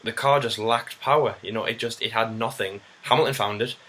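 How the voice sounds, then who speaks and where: Bright-voiced man debating racing. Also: mid-range voice, brisk. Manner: animated, acts out drivers' radio quotes. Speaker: co-host of a racing review show. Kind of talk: casual sports debate.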